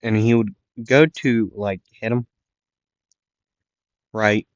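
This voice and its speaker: A man's voice: lowish voice, steady tone, slow, dry recording. A tired man improvising a fan story, rambling and hesitant with many fillers and apologies. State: tired, yawning. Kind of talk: improvised fan fiction narration. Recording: dull lo-fi dry recording.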